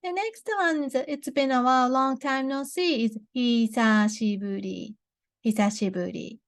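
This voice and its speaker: A young woman with a Japanese accent teaching a beginner language lesson, saying words slowly and clearly for repetition, with frequent restarts. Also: high-pitched, fairly bright tone, no echo, studio quality. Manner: slow, careful model pronunciations with many restarts.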